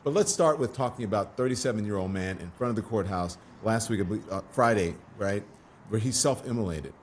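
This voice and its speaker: Brief: lively male talk-show host. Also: fairly low pitch, fairly quick, slight background noise. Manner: animated, with wry asides. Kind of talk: casual interview talk.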